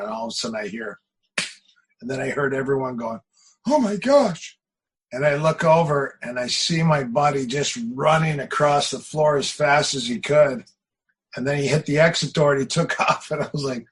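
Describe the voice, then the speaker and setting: A man's voice: mid-range voice, fairly even intonation, moderate pace, a bit bright, slight background noise, low-quality recording. A middle-aged man, a martial arts coach, talking casually in an interview. He tells anecdotes with energy and repeats phrases for emphasis.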